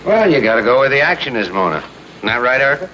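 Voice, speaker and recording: A bright-voiced worldly charmer. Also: male voice, medium pitch, big pitch swings, quick pace, dull audio, a little hiss or hum. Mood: sly.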